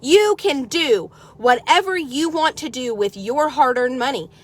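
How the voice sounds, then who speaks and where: A middle-aged woman from the United States, ranting sarcastically in a vlog and swearing constantly, swinging from loud outbursts to low mutters. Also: animated, measured pace. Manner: heavy swearing, sarcastic, combative. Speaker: horse trader vlogger.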